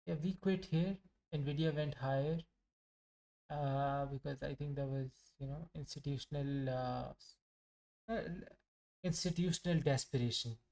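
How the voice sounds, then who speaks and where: A man's voice: fairly high pitch, measured pace, creaky, mellow. A young man casually reviewing his day trades, rambling, joking and poking fun at himself as he talks. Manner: rambling, joking and self-mocking. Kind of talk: casual live trading commentary.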